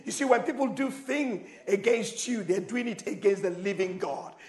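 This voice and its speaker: A man with a high voice delivers a sermon, dropping into quiet, intimate asides before bursting into shouted prayers. He acts out the scripture with dramatic voices. The sound rings with the echo of a church hall. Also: moderate pace. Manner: preaching with sudden shouted prayers and dramatic voicing of quotes; switches between loud exclamations and quiet, intimate asides. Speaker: pastor.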